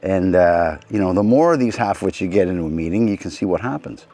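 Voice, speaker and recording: Low-voiced man rambling through stories. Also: a little fast, warm tone. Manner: rambling, anecdotal, with frequent restarts and asides. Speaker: host. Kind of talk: casual rambling monologue.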